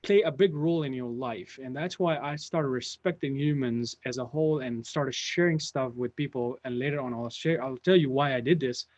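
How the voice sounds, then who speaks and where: His voice is medium-pitched and somewhat dark, moving at a moderate pace with hardly any pauses. As a channel host, he rambles through his career history on a live stream, restarting and chatting to viewers along the way. The sound quality is dull and lo-fi.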